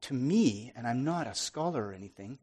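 A man giving an earnest sermon testimony, restarting often and swinging from loud to soft. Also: mid-range voice, expressive, brisk.

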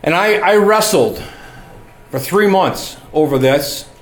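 A man's voice: fairly high pitch, expressive, takes it slowly, slight background noise. A middle-aged man preaching a sermon, earnest and building to emphatic exhortation. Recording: echoey room.

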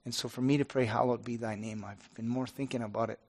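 A middle-aged pastor speaking earnestly and haltingly to his congregation, with many restarts. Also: medium pitch, steady tone, a little mellow. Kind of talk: informal devotional talk to a congregation.

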